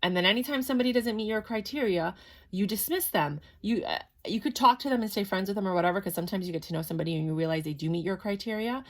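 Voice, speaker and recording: A woman's voice: mid-range voice, racing. A woman giving a casual, chatty tarot reading to camera, talking in a matter-of-fact way with lots of fillers. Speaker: tarot reader.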